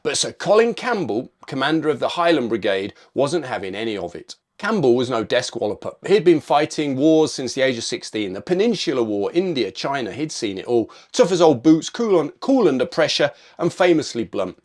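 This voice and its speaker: A man's voice: medium pitch, very animated, fairly quick, few pauses, darkish tone. A man narrating a military history video in a punchy, informal scripted style with casual asides.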